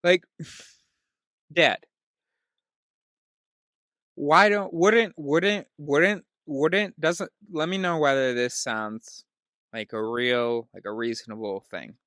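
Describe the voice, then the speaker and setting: A man's voice: fairly high pitch, slow, pauses often, fairly bright tone, dry recording. A man in a casual monologue, rambling and interrupting himself with many restarts. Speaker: vlogger.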